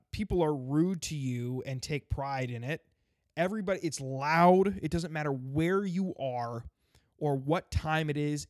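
A man's voice: fairly high pitch, no echo. Ranting, swearing man with a dry sound. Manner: angry sarcastic rant, heavy swearing. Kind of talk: ranting stand-up style monologue. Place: lives in the state he complains about.

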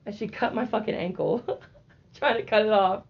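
A young woman co-hosting a podcast, telling a story in casual chat, animated and profane, laughing and acting out quotes. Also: mid-range voice, normal speed, creaky, breathy edge. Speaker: podcast co-host. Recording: dull lo-fi audio.

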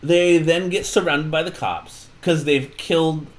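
A man's voice: a little high, fairly even intonation, a little slow. A young man co-hosting a podcast who retells a book in a rambling, jokey way and often corrects himself. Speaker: podcast co-host. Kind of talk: casual book recap chat.

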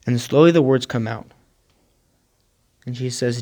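A man's voice: medium pitch, measured pace, pauses often, mellow. Earnest man telling a moral story. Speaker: speaker. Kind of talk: inspirational sermon storytelling.

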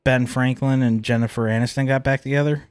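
A man's voice: medium pitch, fairly even intonation, fairly quick, clear, resonant tone, no room sound. Dry-witted male co-host, brief cracks. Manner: dry, wisecracking, brief remarks. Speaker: podcast co-host. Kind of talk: casual chat.

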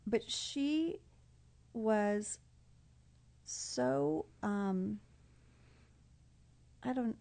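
A woman's voice: mid-range voice, big pitch swings, drawn-out words, long pauses, warm tone. A middle-aged woman, a podcast guest, talking in a casual, heartfelt way, reflective and tender, often emotional.

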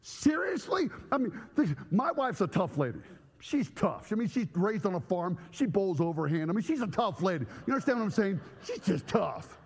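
Man, preacher, high lively voice, comic storytelling, big reverberant hall. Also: fairly quick, slightly rough. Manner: animated storytelling with comic outbursts. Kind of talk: sermon. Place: church sanctuary.

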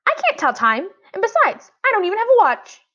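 A woman voicing a bratty, teasing little girl with a squealing high voice, read aloud from a storybook. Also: huge pitch swings, fairly quick, bright, forceful tone, full character voice. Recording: dull lo-fi audio.

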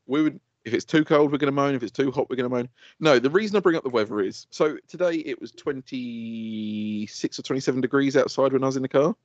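A British man co-hosting a podcast, telling animated stories, swearing and laughing as he goes. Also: mid-range voice, quick pace, no room sound, lo-fi sound. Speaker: podcast co-host. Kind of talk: casual chat.

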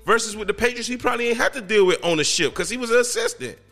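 Excitable bright-voiced male podcast host. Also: very high-pitched, racing, faint music behind. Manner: excitable, slangy, emphatic rants. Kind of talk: casual solo podcast commentary.

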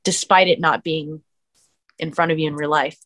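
A woman, a musician and streamer, chatting as a podcast guest and telling stories in an animated way, full of "like". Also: low voice, normal speed. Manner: animated storyteller, many "like" fillers. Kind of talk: casual interview chat.

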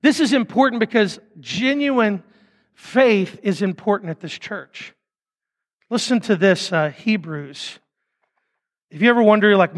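A man preaching a sermon as pastor, casual and conversational with quick asides. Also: high voice, expressive, long reverb tail.

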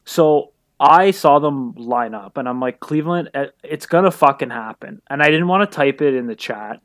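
A man's voice: mid-range voice, expressive, normal speed, a bit bright, no echo, studio quality. A man co-hosting a podcast in casual chat, making his points emphatically and swearing a lot. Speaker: podcast co-host.

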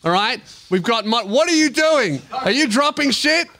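High, bright Australian comedian host. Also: male voice, lively intonation, moderate pace, creaky, a little hiss or hum. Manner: loud, joking, swears freely, teasing. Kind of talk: crude comedic podcast banter. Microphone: studio microphone.

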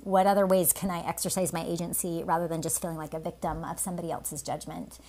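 A woman's voice: lowish voice, little pitch movement, quick pace, a little mellow, slight background noise. A woman co-hosting a podcast, affirming and reflective in a casual chat. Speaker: podcast co-host.

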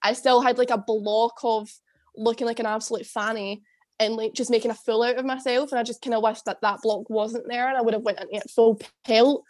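A woman's voice: a little high, steady tone, a little fast, a little mellow. A young Scottish woman, a former drama student, in a rambling casual chat, laughing often and swearing. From Scotland. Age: young adult.

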